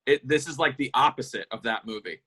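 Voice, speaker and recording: A man co-hosting a film podcast, chatting casually in a relaxed, laid-back way. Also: mid-range voice, fast talker, breathy edge. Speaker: podcast co-host. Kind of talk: casual chat.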